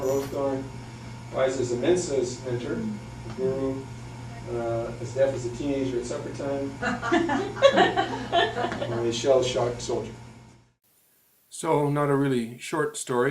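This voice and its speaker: A man's voice: mid-range voice, animated, slow, long pauses. A middle-aged man, a teacher, giving an upbeat, jokey presentation to a room of teachers. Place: room with an audience. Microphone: distant room mic. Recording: echoey room from far off with background noise and hum.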